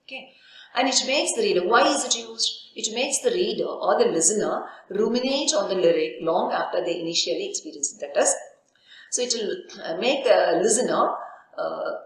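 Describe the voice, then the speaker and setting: A woman university lecturer gives a recorded literature lesson in a very echoey room, posing questions to herself and answering them while saying "okay" often. Her mid-range voice is expressive and at normal speed.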